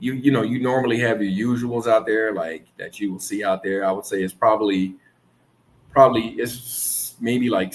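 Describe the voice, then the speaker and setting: A man, casually chatting and telling stories, swearing freely and jumping into higher voices when quoting people. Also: a little hiss or hum. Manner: animated storytelling, swears freely, acts out quoted lines in a higher voice. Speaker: streamer host. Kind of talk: casual chat.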